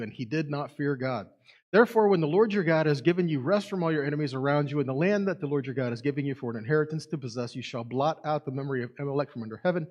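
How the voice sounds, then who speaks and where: Male Bible teacher, fairly high voice, lively and questioning, reads verses aloud. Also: highs cut off. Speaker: teacher at a Messianic congregation. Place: congregation meeting room.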